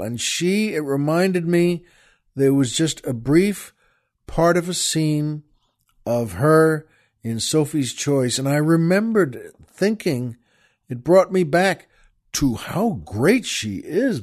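A man's voice: fairly high pitch, a little mellow, slightly rough. A man hosting a radio talk show, retelling a film scene in a folksy, emphatic way and repeating himself as he gets carried away.

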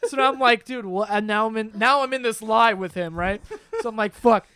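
A man's voice: sits high, a little fast, pushed and bright, clear, resonant tone, no room sound. A young man hosting a podcast, casually telling stories among friends. He laughs as he talks, swears freely and acts out other people's lines. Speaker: podcast host.

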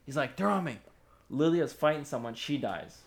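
A man's voice: medium pitch, moderate pace, vocal fry, a crowd in the background. Laughing, foul-mouthed man telling stories. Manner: laughs often, swears, animated storytelling. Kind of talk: casual chat.

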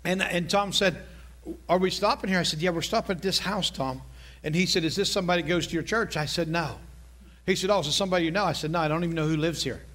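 Middle-aged male preacher, high-pitched, conversational and animated from the pulpit. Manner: storytelling preacher, animated, repeats phrases, quick asides. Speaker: pastor. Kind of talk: sermon.

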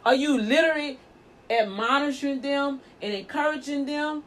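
A woman's voice: high-pitched, moderate pace. A woman minister and show host, preaching emphatically with rhetorical questions and repeated words. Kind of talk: preaching talk.

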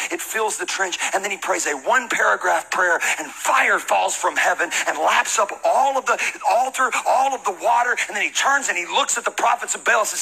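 A man who is a pastor, giving a humorous, conversational sermon and shouting out Bible readings. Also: high voice, gravelly, slightly rough, low-quality recording.

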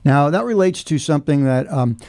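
A man's voice: fairly high pitch, lively intonation, fairly quick, darkish tone. An older man hosting a casual talk show, telling a reflective story in a meandering way with many restarts. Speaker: podcast host.

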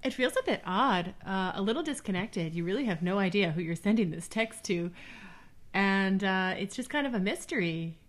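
A woman who is a guest on a podcast, answering briefly and calmly. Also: mid-range voice, normal speed. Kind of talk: casual chat.

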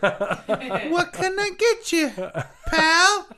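A man's voice: very high voice, sing-song, drawn-out words, a crowd in the background, voice pushed up, full character voice. A man doing a cocky barman. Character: gruff male bartender, cocky mixologist.

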